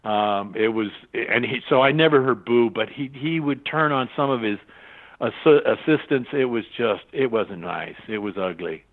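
A man's voice: medium pitch, moderate pace. Older man, storytelling guest, acts out quotes, laughs a lot, tinny phone-like audio. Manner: animated anecdotes, acts out quoted voices, laughs often. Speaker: interview guest. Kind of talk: casual storytelling interview. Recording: tinny phone-line sound.

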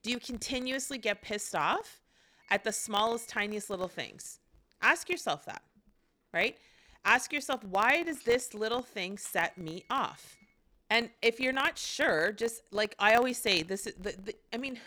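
A bright, clear-toned woman talks through emotional self-control in a loose, candid podcast chat. She is middle-aged, swears freely and often breaks off a thought to restart it. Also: on the high side, animated, unhurried. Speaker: podcast host. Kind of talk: casual motivational talk.

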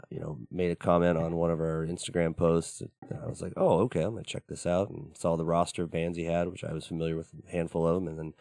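A man's voice: low-pitched, a little mellow, clean tone, no echo. A man who plays in a band, chatting casually as an in-studio guest, laid-back and rambling, with lots of fillers and some swearing. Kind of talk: casual interview chat.

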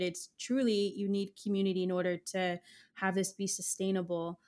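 A woman hosting a podcast interview, affirming her guest and asking questions in a slow, drawn-out way. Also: mid-range voice, level tone, darkish tone. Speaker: podcast host. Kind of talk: conversational interview.

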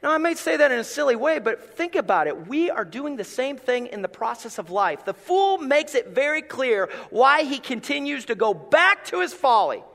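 A middle-aged man, a pastor, preaching a sermon with animated storytelling and playful asides. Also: very high voice, moderate pace, vocal fry, hardly any pauses, long reverb tail.

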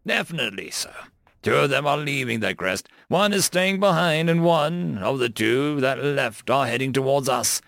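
A man's voice: medium pitch, expressive, moderate pace, gravelly, fairly bright tone, no echo, clean studio sound. A man voicing a dutiful male winged familiar who speaks deferentially and cautiously. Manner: deferential, addresses others as sir.

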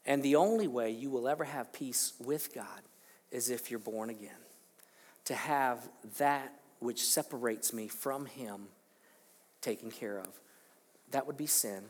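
A man preaching a sermon as pastor, emphatic, swinging between quiet and loud, asking rhetorical questions. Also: medium pitch, big-room sound. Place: church sanctuary.

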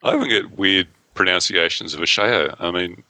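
Deep-voiced, dry-teasing male co-host. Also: moderate pace, sharp tone, no room sound. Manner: dry, teasing, curt replies. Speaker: podcast co-host. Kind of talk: casual chat.

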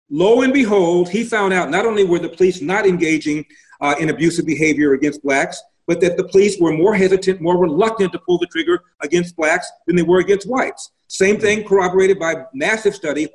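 Male guest commentator, emphatic, stat-heavy, slightly high voice. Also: low-quality recording. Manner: emphatic, rattles off statistics. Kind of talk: political interview.

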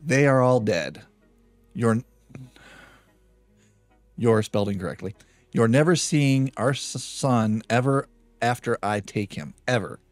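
A man's voice: mid-range voice, takes it slowly, long pauses, dry recording, soft background music. A man hosting a true crime podcast, reading out a stalker's messages in a casual, wry way with dry asides. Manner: wry, reads threats aloud with dry asides.

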